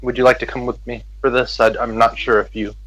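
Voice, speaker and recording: A man's voice: medium pitch, little pitch movement, brisk, fairly bright tone, husky, no echo, rough recording. A man as a polite, hesitant hero. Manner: hesitant, courteous.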